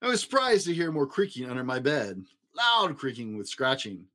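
Dad reading a bedtime picture book, bright, animated delivery. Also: male voice, mid-range voice, moderate pace. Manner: expressive storytelling, small slips. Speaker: father reading aloud.

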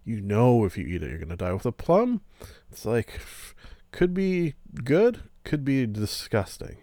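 A man's voice: mid-range voice, big pitch swings, a little slow, mellow, no echo, studio quality. A man hosting a solo podcast, rambling casually with goofy, self-mocking asides. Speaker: podcast host.

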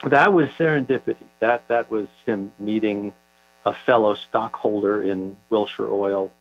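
Older man telling a story over a mains hum. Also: lowish voice. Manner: thoughtful, halting storyteller with frequent fillers. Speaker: author being interviewed. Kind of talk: conversational interview. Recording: dull lo-fi audio with mains hum.

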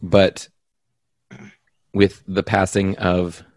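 A man chatting on a podcast, halting as he searches for words, teasing his friends. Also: low voice, completely flat delivery, darkish tone, no room sound. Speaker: podcast co-host. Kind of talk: casual chat.

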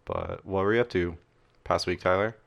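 A man co-hosting a podcast in relaxed, dry casual chat. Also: low-pitched, moderate pace, clean tone, dull audio. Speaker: podcast co-host.

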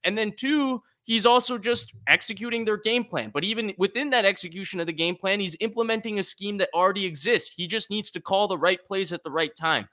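Man, sports talk co-host, analytical, point-by-point arguments, higher pitch. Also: bright, forceful tone. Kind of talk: casual sports talk show chat.

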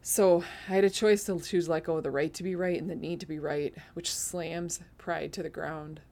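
Speaking at a moderate, steady pace, the woman has a low, dark voice. She hosts a podcast and tells her faith testimony with earnestness, getting teary and occasionally laughing at herself.

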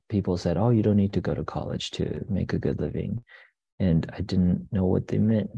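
Young man, low voice, husky, dry close sound, relaxed rambling interview guest. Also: no room sound, lo-fi sound. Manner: relaxed, rambling with many fillers and restarts. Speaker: guest, coffee business owner. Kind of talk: casual interview storytelling.

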